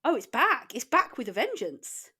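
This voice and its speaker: Bright, giggly woman co-host. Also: high voice, big pitch swings, breathy edge. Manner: giggly, playful, quick to laugh. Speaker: podcast co-host. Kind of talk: casual comedy chat.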